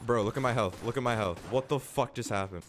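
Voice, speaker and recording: A young man giving live commentary on his own gameplay as a streamer, excitable and swearing, swinging from low mutters to yelling. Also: fast talker, faint music behind.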